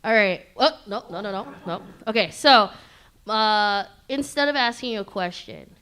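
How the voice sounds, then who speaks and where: A woman's voice: medium pitch, normal speed, fairly bright tone, smooth. A woman hosting a live convention panel, teasing and playful with the audience, laughing often. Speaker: panel host.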